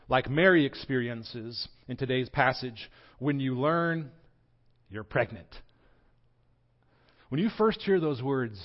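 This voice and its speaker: Joking male pastor, dull recording. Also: medium pitch. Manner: joking, conversational. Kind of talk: sermon. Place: church.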